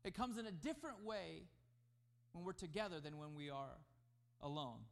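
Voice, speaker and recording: Male preacher, light high voice, emphatic delivery that swells and drops. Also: lively intonation, normal speed, vocal fry. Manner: emphatic preaching, rising and falling in loudness. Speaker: pastor. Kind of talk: sermon.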